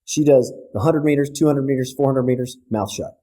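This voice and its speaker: A man, a physiotherapist guest on a podcast, explaining breathing in an energetic, casual way and often checking in with "right?". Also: medium pitch, a little fast. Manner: energetic, keeps tagging points with "right?".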